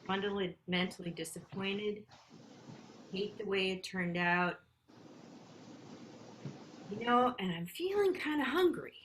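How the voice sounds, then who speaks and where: A woman performing an improvised scene on a video call, with a dry, glum deadpan. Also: medium pitch, takes it slowly, pauses often, a little hiss or hum.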